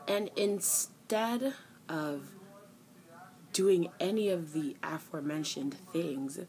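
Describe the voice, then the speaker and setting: A young woman tells a story to her camera in an exasperated rant. Her voice sits a little low, and it jumps up sharply when she imitates the other people in the argument. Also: poor audio. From New York. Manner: exasperated storytelling, acts out both sides of an argument in raised voices. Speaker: vlogger.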